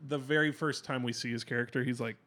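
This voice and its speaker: A man's voice: mid-range voice, fairly even intonation, quick pace, fairly bright tone. A man co-hosting a casual movie podcast, dry and offhand. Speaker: podcast co-host. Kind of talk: casual chat.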